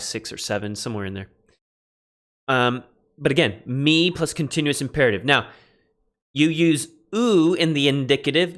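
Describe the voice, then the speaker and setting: A man teaches biblical Greek in an easygoing lecture, his voice bright and pushing forward. He thinks aloud, corrects himself, and leans hard on the key phrases. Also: mid-range voice. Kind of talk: casual classroom lecture.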